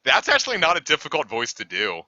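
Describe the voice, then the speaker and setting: A man's voice: on the high side, huge pitch swings, fast, bright, forceful tone, dry recording. A young man casually chatting on a game stream, rambling with lots of fillers. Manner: rambling, filler-heavy talk. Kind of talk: casual live-stream chat. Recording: dull lo-fi dry home mic.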